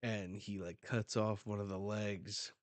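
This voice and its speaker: A man reading a comic chapter aloud and reacting to the panels with quick casual remarks. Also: fairly low pitch, level tone, dry recording. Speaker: manga reaction host.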